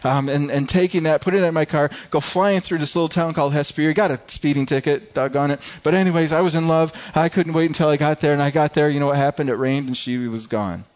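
A man's voice: fairly high pitch, fast, hardly any pauses. Earnest male pastor, dull lo-fi recording. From Michigan, USA. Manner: earnest, conversational preaching with wide swings from soft to loud. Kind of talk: sermon. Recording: dull lo-fi sound.

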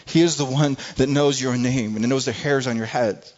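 A man preaching a sermon to a congregation with passion, swinging from soft, low moments to loud, high pleas and often repeating words. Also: moderate pace, muffled recording. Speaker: pastor.

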